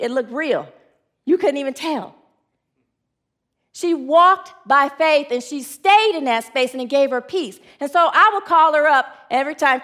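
A woman pastor preaching an earnest sermon, inviting call and response from the congregation and dropping low and quiet in sorrowful moments.

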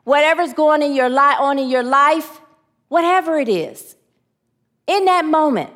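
A woman giving a personal testimony sermon, emotional, swinging from excited high lines to hushed low ones, and preaching to her listeners. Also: unhurried. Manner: preachy, asks audience to answer. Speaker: spiritual speaker.

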